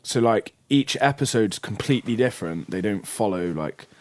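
Young man, casual chat, low voice, lively swearing storyteller. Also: moderate pace, no room sound.

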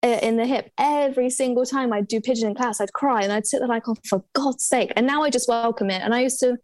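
A young woman talks in a casual chat and acts out the people in her stories. Her voice sits fairly high. The sound is dry, with little room around it. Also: fast talker, no echo. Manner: animated storyteller, acts out quoted voices.

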